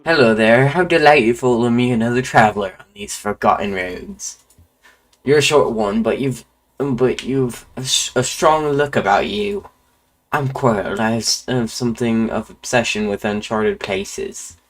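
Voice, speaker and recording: A man's voice: medium pitch, natural voice. Quirrell, a man doing an Irish-accented bug explorer. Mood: friendly. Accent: put-on Irish. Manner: reading aloud with halting slips. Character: curious wandering male bug explorer, genteel. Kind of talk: reading game dialogue aloud.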